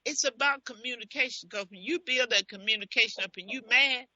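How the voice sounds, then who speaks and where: Blunt lady radio host, super bright sharp voice, muffled dry sound. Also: fairly high pitch, brisk, no echo. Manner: blunt and preachy, gives frank advice. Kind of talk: casual advice talk.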